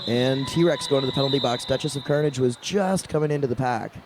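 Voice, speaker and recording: A man's voice: mid-range voice, fairly quick, background noise. A man doing live roller derby commentary, casual and informative about the play. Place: indoor arena.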